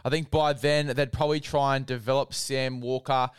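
A man's voice: mid-range voice, little pitch movement, normal speed, smooth, no room sound, clean studio sound. A young Australian man hosting a casual sports chat podcast, rambling and repeating himself, calling his guest mate. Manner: rambling, repeats phrases, says mate a lot. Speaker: podcast host.

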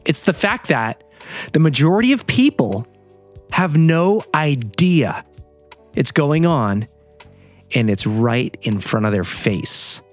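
A man's voice: fairly high pitch, very animated, takes it slowly, pauses often, faint music behind. A man hosting a show, ranting heatedly in a profane solo monologue.

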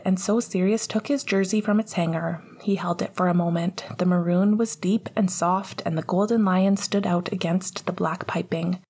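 A woman narrates a story in a calm, measured way. Her voice is low-pitched and breathy, with a husky softness. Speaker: audiobook narrator. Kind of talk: reading fan fiction aloud.

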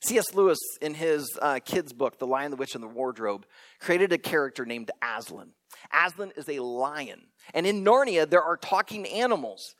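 A man preaching a sermon, telling stories dramatically and dropping to hushed near-whispers for emphasis. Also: on the high side, expressive, moderate pace. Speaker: pastor.

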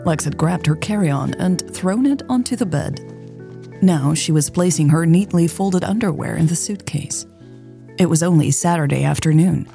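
A woman narrating a romance story in a calm, even audiobook style. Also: on the low side, moderate pace, gravelly, faint music behind.

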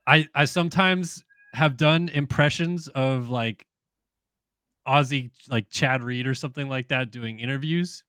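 Young man, podcast guest, bright forceful voice, close and dry, chatty with lots of "um"s. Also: medium pitch, unhurried, clear, resonant tone, no echo. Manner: thoughtful, many fillers and restarts. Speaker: guest, moto journalist. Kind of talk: casual interview chat.

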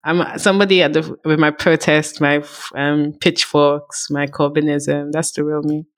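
A woman with a lowish voice co-hosts a casual podcast. Her talk is playful and teasing, full of quick jokes. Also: level tone. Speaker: podcast co-host. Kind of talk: casual chat about a TV show.

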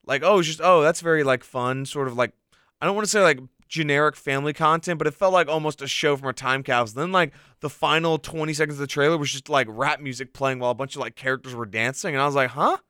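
Male podcast host, lively and chatty, clean voice, dead-dry sound. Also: a little high, fast, smooth, dry recording. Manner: chatty, animated, lots of "like". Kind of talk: casual podcast chat, reading news.

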